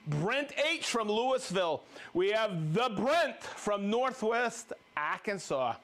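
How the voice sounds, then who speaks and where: A man hosting a live stream, joking and reading out viewers' names with excited whoops. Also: high voice, takes it slowly. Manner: upbeat, jokey, reads viewer names with whoops. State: recovering from a cold. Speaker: livestream host.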